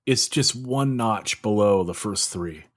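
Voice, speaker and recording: Podcast host guy, kinda low voice, hypes up songs, swears casually. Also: unhurried. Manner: enthusiastic, swears casually, many fillers. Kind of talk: casual chat.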